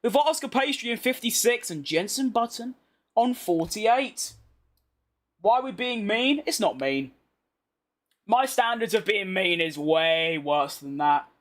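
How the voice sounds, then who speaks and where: A man's voice: high voice, lively intonation, measured pace, a bit bright. A young British man chatting casually over racing game footage, bluntly answering viewer comments with slangy banter. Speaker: gaming YouTuber. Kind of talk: casual gameplay commentary reading chat.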